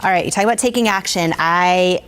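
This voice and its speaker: A woman interviewing a guest, asking questions in an enthusiastic, animated way. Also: on the low side, a little fast, clear, resonant tone. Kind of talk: conversational interview.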